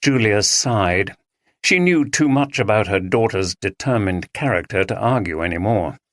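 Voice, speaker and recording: A narrator reading a drama audiobook in an even, measured way, close to the mic. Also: low voice, dry recording.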